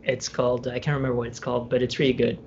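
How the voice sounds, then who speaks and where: A man's voice: mid-range voice, little pitch movement, racing, a little mellow. A man co-hosting a podcast in casual chat, rambling and laughing often as he trails off mid-sentence. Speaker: podcast co-host. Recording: dull remote recording with faint noise.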